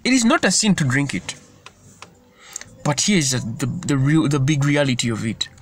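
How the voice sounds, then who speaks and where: A man's voice: fairly high pitch, very animated, normal speed, faint music behind. A man giving an informal sermon in an earnest, repetitive way, often stumbling and restarting his sentences. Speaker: preacher.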